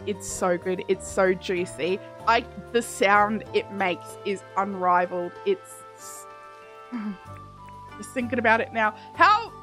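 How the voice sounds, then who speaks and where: A woman's voice: mid-range voice, fairly bright tone. A woman from Australia with an Australian accent, streaming and chatting playfully, laughing often. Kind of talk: casual chat while gaming. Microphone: desk mic.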